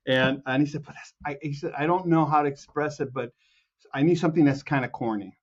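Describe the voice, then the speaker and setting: A man from Chicago, a composer and guest, telling anecdotes with lively acted-out quotes, many restarts and laughs. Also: a little high, a little fast, dull audio. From Chicago, USA. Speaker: music producer and film composer, guest. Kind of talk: animated anecdotal storytelling.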